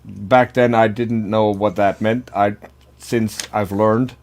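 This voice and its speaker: A man whose first language is Dutch, talking in a casual panel chat, halting and repeating words. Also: on the low side, steady tone, darkish tone.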